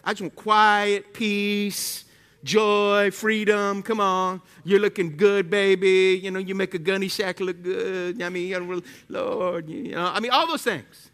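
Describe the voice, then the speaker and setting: A man preaching a sermon as pastor, animated and full of rhetorical questions that he tosses to the congregation. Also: sits high, a little slow, clear, resonant tone.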